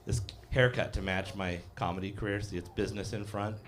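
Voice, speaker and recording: A fifties-aged comedian performs stand-up in a cafe before a loud crowd, speaking fairly quickly in a fairly low, mostly even voice. His patter rambles and mocks himself, heavy on fillers, with voices he acts out.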